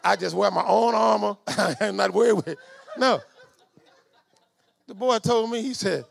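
A middle-aged man preaching a storytelling sermon, swinging from low asides to shouted commands. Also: moderate pace, creaky. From Southern United States.

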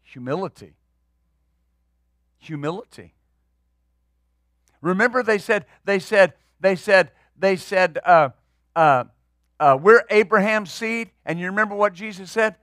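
A man's voice: high voice, moderate pace, a bit bright, no echo, clean studio sound. A man preaching as pastor, emphatic and building in bursts, often repeating words as he drives a point home. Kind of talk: sermon.

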